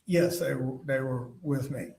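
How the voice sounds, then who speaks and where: A man giving witness testimony in court, telling his story haltingly with lots of fillers and restarts. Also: medium pitch, vocal fry, a little mellow. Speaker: trial witness. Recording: roomy, distant courtroom mic.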